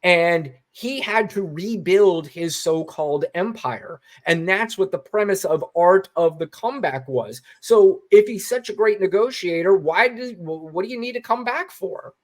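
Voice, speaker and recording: Man, podcast co-host, fairly high voice, emphatic, swears a lot, casual political talk. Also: measured pace, hardly any pauses. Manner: animated, emphatic, swears freely.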